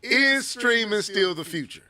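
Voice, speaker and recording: A man's voice: high voice, animated, measured pace, crowd noise. A man hosting a podcast in casual chat, slangy and rambling as he sets up the topic. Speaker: podcast host.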